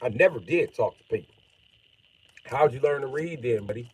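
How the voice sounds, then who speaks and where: A man's voice: medium pitch, expressive, moderate pace, breathy edge. A man ranting casually and profanely on a livestream, reacting to his chat. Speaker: live streamer.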